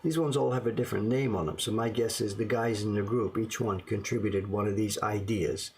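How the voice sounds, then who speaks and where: A man's voice: lowish voice, fairly even intonation, a little fast, darkish tone, breathy edge. A man casually showing his collection of small prints to the camera, rambling and musing aloud in a self-deprecating way. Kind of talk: casual show-and-tell to camera.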